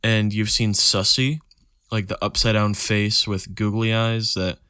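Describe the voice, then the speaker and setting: Casting: young male podcast host, low voice, dry close sound, rambling profane delivery. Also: flat delivery, unhurried, pushed and bright, clear, resonant tone, dry recording. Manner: rambling, profane, restarts words, sings snatches of songs. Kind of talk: solo casual podcast rant.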